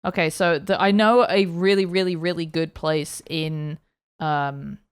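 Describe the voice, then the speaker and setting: A British woman co-hosting a podcast, bantering in a lively, joking and playfully profane way. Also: on the low side, measured pace, clear, resonant tone, no room sound. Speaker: podcast co-host. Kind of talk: casual podcast chat.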